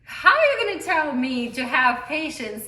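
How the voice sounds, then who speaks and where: A woman joins the story in casual chat, agreeing and sounding indignant. Her voice is bright and forceful. She sounds distant from the mic in a roomy space. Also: high-pitched, big pitch swings, normal speed. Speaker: co-host companion.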